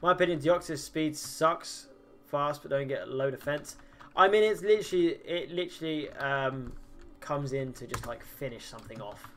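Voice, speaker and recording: A man's voice: a little high, normal speed, faint music behind. A tired man with a medium voice, chatting casually on a gaming livestream, answering chat, swearing, with many ums and restarts. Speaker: streamer.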